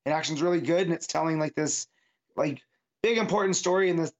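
A man's voice: on the high side, fast, muffled recording. A man co-hosting a casual podcast, chatty and enthusiastic about comics, using lots of fillers. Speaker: podcast co-host. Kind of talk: casual comic book discussion.

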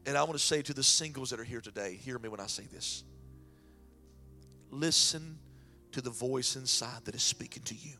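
A man's voice: medium pitch, moderate pace, soft background music. A man preaching a sermon in a folksy way and then praying aloud. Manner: folksy preaching, shifts into loud prayer. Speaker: pastor.

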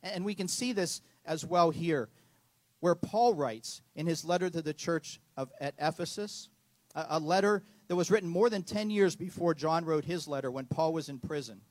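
Middle-aged male pastor, slightly high voice, earnest sermon delivery, dry close sound. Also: moderate pace, no room sound. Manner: earnest storytelling with repeated words.

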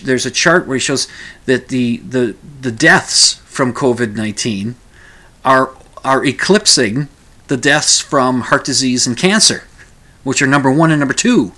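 A man's voice: medium pitch, bright, forceful tone. A man hosting a casual commentary show, rambling through the news with frequent restarts and asides.

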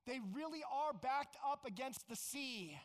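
A pastor preaching a sermon, animated and acting out quoted voices, sometimes with bursts of shouting. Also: male voice, very high-pitched, a little slow. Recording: hall with long reverb.

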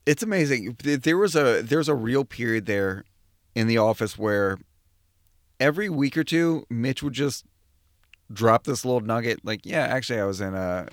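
A man hosting a podcast, his voice mid-pitched and playful as he teases and jokes. The recording is close and dry. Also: expressive, no echo. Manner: playful, teasing and quick to laugh. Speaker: podcast host. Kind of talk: casual podcast chat. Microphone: studio microphone.

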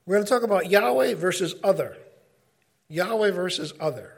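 A middle-aged man giving an informal Bible teaching, talking in a conversational, animated way and often breaking off mid-sentence. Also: high voice, fairly quick, vocal fry, husky. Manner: conversational, animated, self-interrupting.

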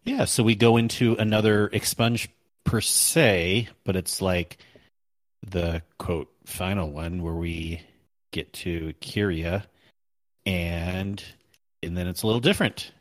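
A man's voice: low voice, slow, dry recording. A man co-hosting a casual gaming podcast, rambling and correcting himself as he recalls story missions. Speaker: podcast co-host.

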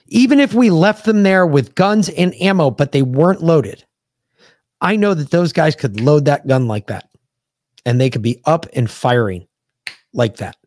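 A man's voice: a little high, expressive, a little slow, pauses often, darkish tone, no room sound, studio quality. A man from the United States, a podcast host, bluntly and profanely retelling a combat story in casual conversation.

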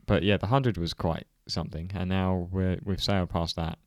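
A man's voice: deep voice, steady tone, normal speed, no echo, studio quality. A man co-hosting a podcast, speaking earnestly with many hesitations. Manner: hesitant, full of fillers and restarts, earnest. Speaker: podcast co-host. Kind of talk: casual podcast chat.

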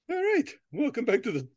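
A man hosting a casual comedy podcast who jokes around, goes off on goofy tangents and laughs often. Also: extremely high pitch. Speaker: podcast host.

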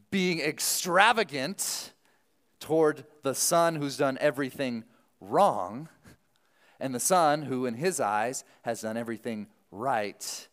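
A man preaching a sermon as a pastor, telling the story in an animated, lively way with quick asides. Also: medium pitch, in a large hall.

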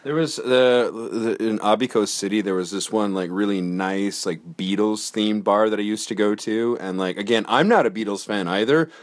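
A man guesting on a podcast, telling a rambling story with many fillers, restarts and animated quotes. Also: on the low side, normal speed, few pauses. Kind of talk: casual storytelling chat.

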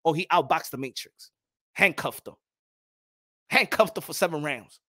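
A man hosting a boxing show, talking loud and profane, mocking critics and repeating himself. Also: a little high, animated, moderate pace, breathy edge, no room sound, studio quality. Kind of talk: animated boxing commentary.

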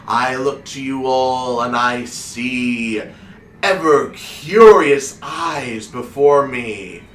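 A man voicing a grandiose male stage wizard showman, making slow, drawn-out theatrical announcements. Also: mid-range voice, a bit bright, echoey room, recorded from a distance.

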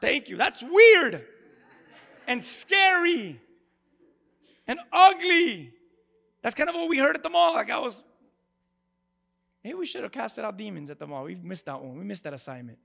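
A male pastor preaching an animated sermon to a congregation and calling for their responses. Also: high-pitched, fast, vocal fry. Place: church before a congregation.

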